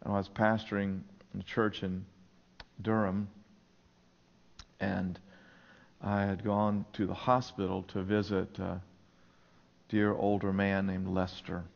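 Slow, earnest preacher with a dull lo-fi sound. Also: male voice, low voice, level tone, gravelly. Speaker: pastor. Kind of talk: sermon. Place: church. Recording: dull lo-fi sermon recording.

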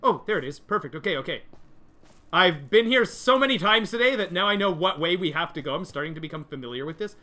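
A young man streaming a video game live, chatting with his viewers, reading their messages and yelling in frustration when things go wrong. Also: high-pitched, fast talker. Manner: excitable, yells in frustration when dying; reads and answers chat. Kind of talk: live gaming stream commentary.

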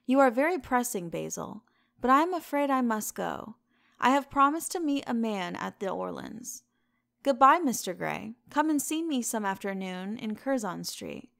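A witty, languid aristocratic gentleman from a storybook, teasing and drawling, as a woman reads him. The tone is gravelly and sits on the higher side. The recording is dry and close. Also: big pitch swings, moderate pace, no echo, heavily acted.

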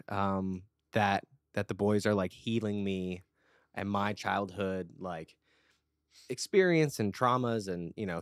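A man's voice: lowish voice, dry recording, studio quality. A man co-hosting a podcast, chatting casually and earnestly, rambling with lots of fillers. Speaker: podcast co-host. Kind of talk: casual chat.

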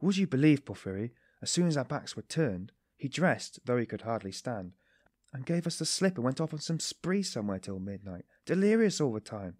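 A man reading an audiobook, voicing an excitable young male friend who bursts out high and loud. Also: brisk, no echo, clean studio sound. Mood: excited.

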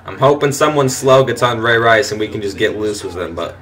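A young man commentating his own football video game, frustrated and swearing, breaking into shouts and laughs at bad plays. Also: on the low side, animated, brisk. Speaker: gaming channel host. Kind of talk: gameplay commentary.

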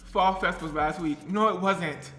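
A man with a high voice speaks a little slowly and sharply, playing a tired, chatty young woman baker on a live stream who giggles and reads viewer comments aloud. The character stream comedy has a perky mood. The recording carries a roomy echo with faint music behind it.

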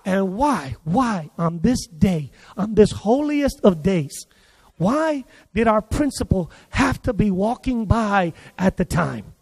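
Man, pastor, animated sermon storytelling, very high voice, long echo of a hall. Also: slow, vocal fry, slightly rough. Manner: animated, acts out quoted voices. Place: church service.

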